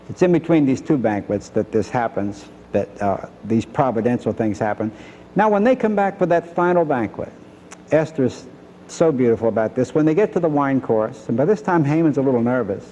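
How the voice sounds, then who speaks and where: Lively older man teaching a Bible lesson. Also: mid-range voice, normal speed, long reverb tail, slight background noise, rough recording. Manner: storytelling, acts out the characters' lines.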